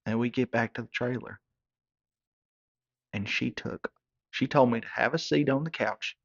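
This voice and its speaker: A man's voice: medium pitch, normal speed, vocal fry. A man, telling a rambling comic story in character with stumbling repeats. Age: 30s. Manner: hillbilly drawl, stumbling repeats. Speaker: comedy character narrator. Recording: dull lo-fi recording.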